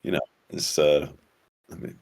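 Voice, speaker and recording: A man with an extremely deep, low voice, speaking as a podcast guest. He talks in a halting, casual way, restarting his sentences and chuckling between thoughts. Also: level tone, creaky, darkish tone, breathy edge. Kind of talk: casual conversation.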